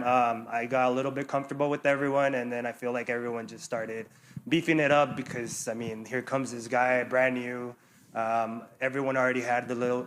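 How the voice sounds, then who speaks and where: A man's voice: mid-range voice, a bit bright. Rambling young male fighter, faint noise. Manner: loose, rambling, laughs a lot, many fillers. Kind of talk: press conference answers.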